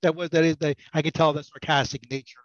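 A man's voice: on the high side, little pitch movement, fast talker, no room sound, muffled recording. A middle-aged man chatting as a podcast guest, rambling and self-mocking, with many restarts. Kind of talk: casual podcast banter.

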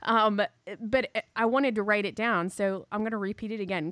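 A woman's voice: medium pitch, fairly even intonation, normal speed, few pauses, a bit bright, dry recording. A woman co-hosting a casual faith chat, talking in a rambling, filler-heavy way, laughing often and slightly out of breath.

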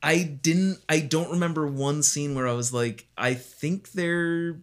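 A man on a film podcast talking in loose, meandering sentences packed with "like" and restarts. His pitch sits slightly high for a man, and he cuts in eagerly over the others. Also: unhurried. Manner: filler-heavy, lots of "like", interrupts. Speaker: podcast co-host. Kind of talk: casual film-review banter.

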